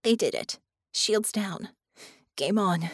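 A woman's voice: medium pitch, animated, slow, slightly rough, no echo, clean studio sound. A woman voicing a young female commander in an audiobook, speaking in clipped, terse lines while holding back grief. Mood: resolute. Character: young woman commander, grieving but steely.

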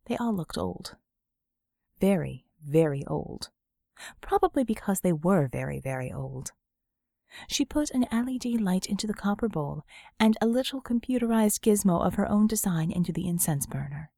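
A woman narrating a novel as an audiobook in a steady, measured storytelling voice. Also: mid-range voice, creaky, dry recording, studio quality. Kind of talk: scripted narration.

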